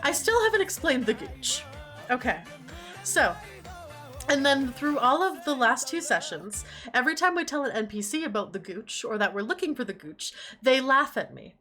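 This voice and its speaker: A woman's voice: sits high, sing-song, normal speed, sharp tone, soft background music. A woman streamer chatting casually and animatedly, laughing often and swearing freely.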